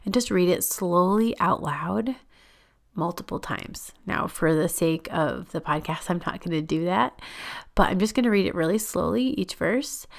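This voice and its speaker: Soft-spoken woman with a gravelly low voice. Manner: gentle, unhurried, soft-spoken with breathy whispered passages. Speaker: podcast host leading a meditation. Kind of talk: guided Christian prayer meditation.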